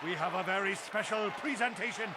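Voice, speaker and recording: An actor playing a bombastic male arena announcer in a video game, booming like a showman. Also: fairly quick, background noise, lightly acted. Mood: hyped. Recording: game voice over cheering crowd.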